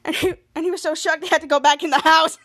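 A woman podcast host giving a casual, animated recap of a TV episode and acting out the characters' quoted lines. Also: very high voice.

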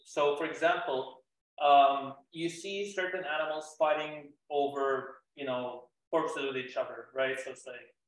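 A man's voice: a little high, steady tone, measured pace, very echoey, low-quality recording. A man calling in to a talk show, speaking politely and hesitantly with many "um"s. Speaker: caller. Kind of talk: casual conversation.

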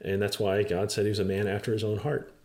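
A man preaching a sermon, telling a scripture story in an animated way with chuckles and frequent fillers. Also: fairly low pitch, quick pace. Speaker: pastor.

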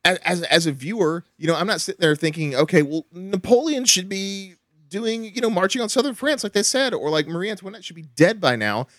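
A man's voice: high voice, expressive, brisk, a bit bright, no echo. A man hosting a casual podcast chat, talking with frequent restarts and laughter. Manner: chatty, many restarts and laughs. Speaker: podcast host.

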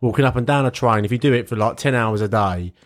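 A young man trades stories on a podcast in a blunt, easygoing way, swearing freely. His voice sits at an ordinary middle pitch, and he talks casually with his co-host. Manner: blunt, swearing, quick to laugh. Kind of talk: casual chat.

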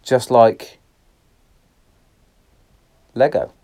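A middle-aged man hosting a casual solo podcast from his shed, swearing often, going off on tangents, swinging between loud laughing outbursts and quiet reflection. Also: mid-range voice, expressive, drawn-out words. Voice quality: heavy swearing, rambling and tangent-prone. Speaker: podcast host. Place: garden shed.

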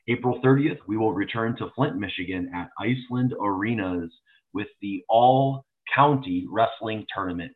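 Low-voiced man on a tinny line. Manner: loud, joking, shifts into an announcer read. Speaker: podcast host and promoter. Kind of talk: casual podcast chat.

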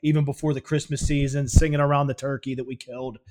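A man co-hosting a casual comedy podcast, excitable, laughing often and swearing freely. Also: medium pitch, fast talker. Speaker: podcast co-host.

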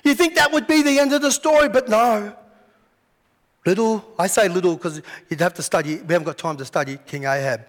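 Male pastor with a high voice who acts out his sermon stories, recorded in a big echoing hall. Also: a little fast. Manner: animated storytelling, acts out scenes. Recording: long hall reverb.

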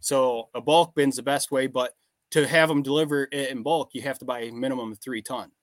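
A man's voice: medium pitch, fairly even intonation, dry recording. Plainspoken man, dry close sound. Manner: plainspoken, quick short affirmations. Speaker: podcast host and farmer. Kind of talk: casual podcast chat.

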